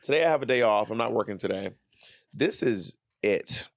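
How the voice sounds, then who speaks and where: A man's voice: lowish voice, animated, gravelly, dry recording. Teasing man, dry close sound. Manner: playful, teasing, drawn-out emphasis. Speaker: podcast co-host. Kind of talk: casual chat.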